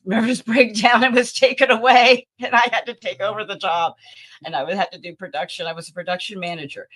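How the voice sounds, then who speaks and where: Animated older woman telling stories. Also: lowish voice. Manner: animated storyteller who acts out the people in her stories. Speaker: talent agency founder, podcast guest. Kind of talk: anecdotal interview storytelling.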